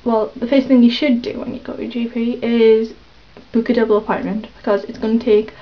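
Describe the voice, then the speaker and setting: A woman rambling hesitantly in a casual confessional vlog, with lots of pauses and ums. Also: a little high, level tone. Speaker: vlogger. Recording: dull lo-fi webcam audio.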